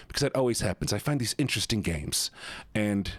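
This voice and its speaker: Male streamer, playful and chatty, very lively pitch, dry close mic. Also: brisk, no echo. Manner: playful, animated, chatty with viewers. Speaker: live streamer. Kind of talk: casual live-stream chat.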